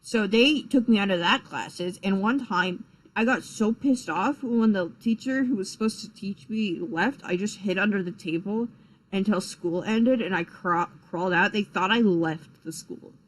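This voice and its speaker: A man's voice: high-pitched, normal speed, low-quality recording. A young man chatting casually on a live stream, rambling and swearing, with lots of fillers and restarts, sounding tired. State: tired, yawning.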